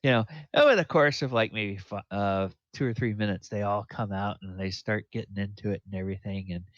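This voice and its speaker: A man hosting and narrating a tabletop game as dungeon master, describing scenes in a rambling, halting way. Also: fairly low pitch, no room sound, dull audio.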